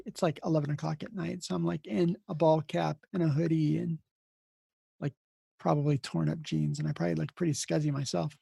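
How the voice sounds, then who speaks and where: Gravelly, husky-voiced man telling stories. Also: fairly high pitch, dark tone, no echo. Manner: rambling anecdotes acted out with quoted dialogue, blunt. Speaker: emergency nurse and podcast host, here the guest. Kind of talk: casual storytelling interview.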